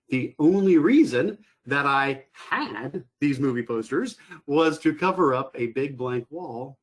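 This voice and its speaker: A man who is a teacher telling a classroom story in a lively way, acting out his own past thoughts. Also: on the high side, breathy edge. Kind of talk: storytelling presentation.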